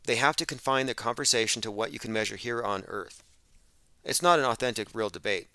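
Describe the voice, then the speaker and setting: A man hosting a call-in radio show, with a bright, forceful voice and a dry, close sound. He talks emphatically and with heavy sarcasm. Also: on the low side, fairly quick, dry recording. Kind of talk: open-phones radio monologue.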